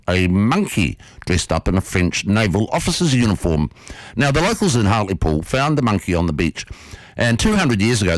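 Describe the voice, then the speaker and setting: Lively male radio host. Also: on the low side, no room sound. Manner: animated, playful storyteller. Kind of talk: radio storytelling and interview.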